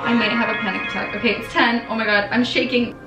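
A woman's voice: fairly high pitch, fairly even intonation, fast, highs cut off, loud music behind the voice. A woman in her twenties, talking to camera in a casual vlog from her apartment, bubbly and chatty with lots of fillers. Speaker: vlogger and brand founder.

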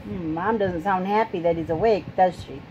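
A woman's voice: lowish voice, lo-fi sound. A woman reading a picture book aloud to children, with sound words and questions for her listeners. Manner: slow, animated, asks listeners questions. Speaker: storytime reader. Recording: noisy home recording.

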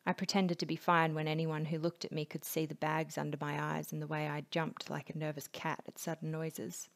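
Low creaky woman reading a book aloud, calm and even, slips into whispers sometimes. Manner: steady, low-key narration, dropping to a whisper in places. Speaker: audiobook reader.

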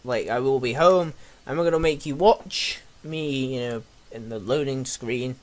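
Guy playing a life sim, chatty and silly, mid pitch, wanders off on tangents. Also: unhurried. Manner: rambling, jokey, talks to the game characters. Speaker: gamer. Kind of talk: casual let's play commentary.

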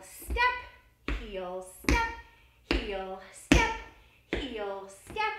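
A woman's voice: sits high, a little hiss or hum. A woman leading a children's dance lesson, upbeat and encouraging as she counts out the steps. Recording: roomy, distant, loud music behind.

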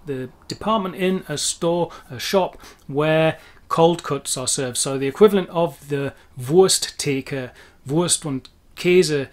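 A man's voice: fairly high pitch, unhurried. A man explaining word pronunciations as a language teacher, careful and wordy with frequent asides. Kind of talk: educational explainer.

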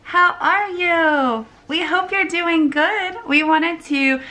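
Woman, mom, picture-book read-aloud, sing-song, playful animal noises, high voice, unhurried. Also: sharp tone. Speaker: mother reading to her toddler. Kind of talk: reading picture books aloud.

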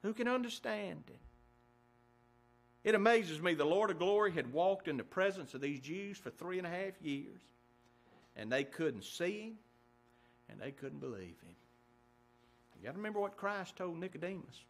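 A man's voice: fairly high pitch, animated, moderate pace. A man preaching a sermon as pastor, asking rhetorical questions, building emphasis and reading scripture aloud in old-fashioned wording. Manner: reads scripture aloud in King James wording.

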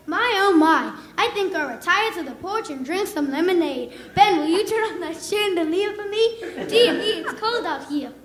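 Brief: boy doing a drawling Southern grandma, ladylike and fussy, very high voice, roomy club sound. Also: animated, normal speed, hardly any pauses, noisy background. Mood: genteel. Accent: Southern US, put on. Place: comedy club stage. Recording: echoey club with loud crowd laughter.

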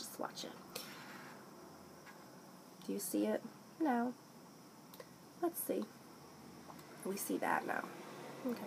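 A young woman chatting excitedly through a makeup haul, often breaking into snippets of song and playful put-on accents. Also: mid-range voice, vocal fry, slight background noise, rough recording. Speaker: beauty vlogger. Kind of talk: casual makeup haul chat.

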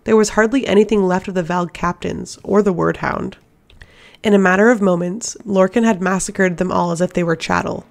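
Woman reading a fantasy audiobook, steady, bit gravelly. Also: on the low side, normal speed. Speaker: audiobook reader. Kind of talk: audiobook narration.

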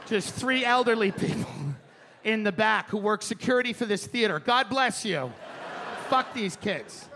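A man's voice: very high voice, bright, forceful tone, slight background noise. A man doing a brash, profane stand-up set on a theater stage, teasing the crowd. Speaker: stand-up comedian. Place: theater stage before a live audience.

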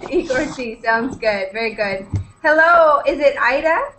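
A high-pitched, bright-toned woman from British Columbia, talking as an online conversation teacher and greeting each student warmly. Her manner is upbeat and welcoming. A faint hum of background noise sits behind her voice. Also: lively intonation, a little slow, low-quality recording. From British Columbia, Canada. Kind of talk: upbeat online class chat.

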